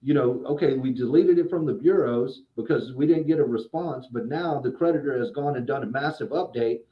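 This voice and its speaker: A man's voice: mid-range voice, brisk, echoey room, lo-fi sound. A man in casual podcast chat, a credit repair specialist explaining things at length, often restarting and repeating words.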